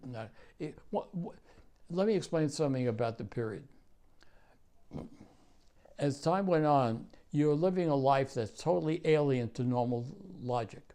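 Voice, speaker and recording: A man in his nineties, a war veteran, telling his story in an oral history interview, profane and halting with many restarts. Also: mid-range voice, animated, warm tone. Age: 90s.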